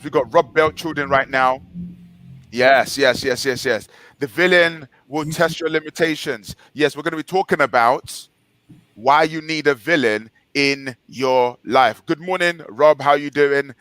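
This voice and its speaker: A man hosting a morning motivational livestream, leading breathing exercises, repeating affirmations and giving viewer shout-outs. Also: mid-range voice. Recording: music playing softly behind.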